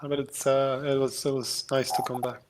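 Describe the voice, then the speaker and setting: A man from Poland chatting casually as a tournament commentator, relaxed, often trailing off softly. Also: medium pitch, normal speed, noisy background. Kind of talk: casual chat.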